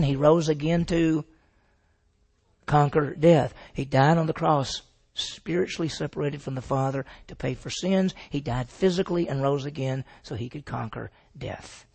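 A man's voice: mid-range voice, gravelly, a little mellow, husky. A man teaching the Bible to a group, asking his listeners questions and answering them himself.

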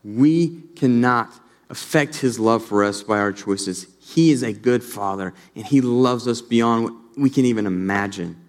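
A young adult man preaching an earnest sermon as a pastor, turning animated when he tells a family story. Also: medium pitch, unhurried. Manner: earnest, rises animated when telling stories. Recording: long reverb of a large hall.

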